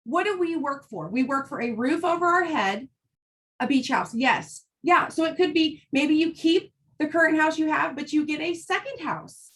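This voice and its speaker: A woman's voice: high voice, expressive, normal speed, a bit bright. A middle-aged woman giving a fired-up, emphatic motivational talk to the women in her business, blunt and happy to swear. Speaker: team leader addressing women in her business.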